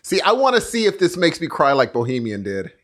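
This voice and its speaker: A man's voice: fairly high pitch, very animated, a little fast, a bit bright. A man co-hosting a casual movie podcast, teasing his friend and then supporting him. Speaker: podcast co-host. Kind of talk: casual movie review chat.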